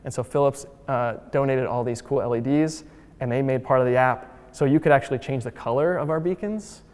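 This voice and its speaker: A man gives a relaxed, chatty lecture in a mid-range voice, full of fillers and asides. His voice carries a long reverb from a lecture hall. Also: medium pitch, fairly quick. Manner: chatty and upbeat, heavy use of "like" and "uh"; acts out quotes with voice shifts. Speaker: museum founder giving a lecture. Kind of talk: casual lecture.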